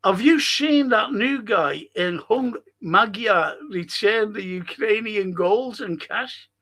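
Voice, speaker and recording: Man, Liverpool accent, older, slightly high voice, rambling casual chat, swears, podcast host. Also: expressive, slow pace, sharp tone. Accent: Liverpool (Scouse). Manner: rambling, swears freely, reads out chat comments. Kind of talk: casual live-stream chat.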